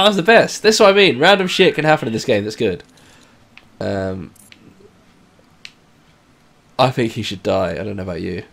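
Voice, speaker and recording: A man giving rambling, self-mocking let's play commentary that breaks into loud, excited yells and swearing. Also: on the high side. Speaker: gaming channel host.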